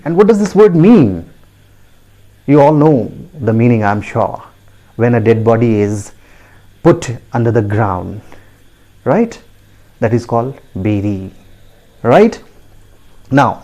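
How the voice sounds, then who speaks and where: A man with an Indian English accent gives a pronunciation lesson at an unhurried, drawn-out pace. His tone is mellow and warm, and he repeats each word carefully. He checks in with the listener through a sharply rising "right?". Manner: repetitive, deliberate, asks the listener with a high rising "right?". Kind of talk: video lesson.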